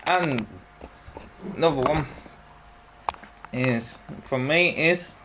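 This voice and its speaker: Slow, halting young man. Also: a little high, a bit bright, slight background noise. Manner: slow, halting, many ums and pauses. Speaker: video creator answering viewer questions. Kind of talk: casual Q&A vlog.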